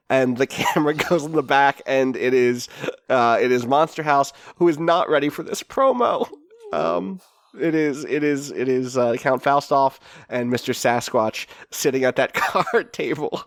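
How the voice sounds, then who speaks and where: A man's voice: medium pitch, a little slow, no room sound, studio quality. A man with a runny nose narrating as game master, rambling with lots of fillers and laughs.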